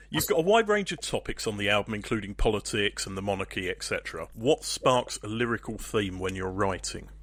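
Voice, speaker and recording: A man's voice: lowish voice, lively intonation, moderate pace, a bit bright. A man hosting an interview, asking friendly questions and reading out press quotes. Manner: friendly, reads quotes aloud, brief remarks.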